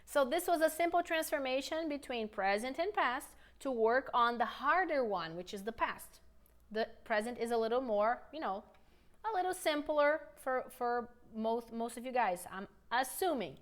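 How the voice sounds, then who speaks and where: A woman teaches an online English lesson in an upbeat, coaxing way, slowing down to model sentences for learners to repeat. Her voice is on the high side and animated.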